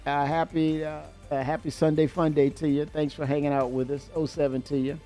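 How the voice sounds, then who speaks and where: A man hosting a livestream in casual chat, excitable and rambling, laughing often and filling pauses with "uh". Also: on the high side, faint music behind. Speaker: livestream host.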